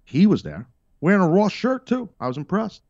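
Middle-aged guy hosting, blunt and sweary, sarcastic, animated delivery, lo-fi sound. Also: high voice, brisk, dry recording. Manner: emphatic, blunt and profane with sarcastic asides. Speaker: podcast host. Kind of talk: casual wrestling commentary.

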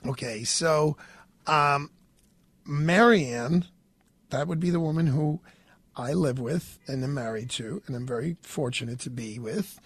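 Rambling New York radio host, man, congested with a cold, raised pitch, dry studio sound. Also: a little slow, husky, no echo. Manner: rambling, stammering, many fillers. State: stuffed up with a cold. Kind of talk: casual radio talk.

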